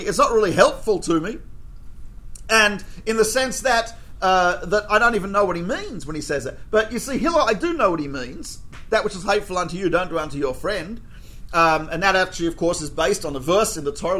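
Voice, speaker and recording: Animated high-voiced man telling stories. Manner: animated, jokey, acts out quoted exchanges. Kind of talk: humorous storytelling lecture.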